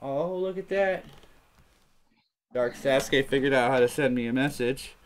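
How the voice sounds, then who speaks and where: A man's voice: mid-range voice, a little slow, a little hiss or hum. A man hosting a casual livestream chat, rambling and talking himself through his computer troubles at the desk mic. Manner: rambling, narrates his own fumbling with the computer. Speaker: livestream host.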